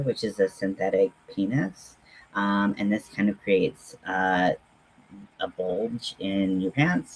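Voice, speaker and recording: A man hosting a casual livestream, chatting in a halting, friendly way with many pauses and fillers while talking to viewers at home. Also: lowish voice, slightly rough, low-quality recording. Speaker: livestream host.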